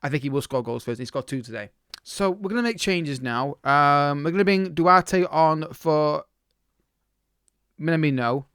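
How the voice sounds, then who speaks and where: A man talks through a football management game, reacting as it unfolds and restarting his sentences. His voice is smooth and fairly high. The sound is dry and close to the mic. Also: normal speed, a bit bright, no echo. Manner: chatty, reacts live to the match, many restarts. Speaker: gaming YouTuber. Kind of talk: casual game commentary.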